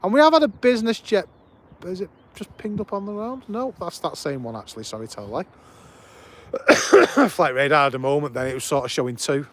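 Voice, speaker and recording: A man hosting an outdoor live stream at an airport talks briskly in a somewhat high, animated voice. Casual and enthusiastic, he chats with his audience, welcomes viewers by name and keeps the commentary upbeat.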